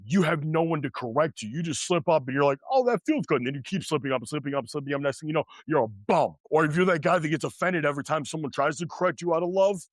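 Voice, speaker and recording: Male podcast host, blunt motivational rant, emphatic and repetitive, slightly high voice, dry close recording. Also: fast talker, few pauses, no room sound. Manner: preachy, emphatic, repeats phrases.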